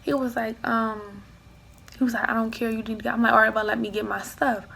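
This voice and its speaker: A young woman vlogger telling a personal storytime, animated, acting out what people said and dropping into hushed asides. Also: fairly high pitch, a little fast, gravelly, slight background noise, rough recording. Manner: animated storyteller who acts out quoted dialogue, slips into hushed asides. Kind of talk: storytime chat.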